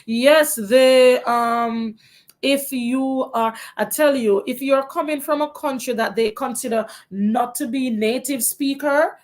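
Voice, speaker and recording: A woman's voice: on the high side, darkish tone. A woman from Jamaica with a Jamaican accent, a teacher hosting a live Q&A and giving frank, encouraging advice to viewers, often restarting her sentences. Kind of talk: live Q&A, answering viewer questions.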